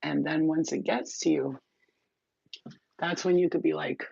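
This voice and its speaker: Rambling, gravelly woman with a spiritual talk. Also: low-pitched, steady tone, unhurried, a little mellow, muffled recording, slight background noise. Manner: rambling, profane, streetwise. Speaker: spiritual healer host.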